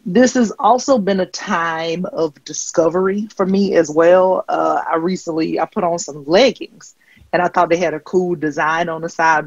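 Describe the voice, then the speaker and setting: A woman comedian doing a stand-up set, deadpan and rambling with filler ums. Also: sits low, no room sound, dull audio. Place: comedy stage.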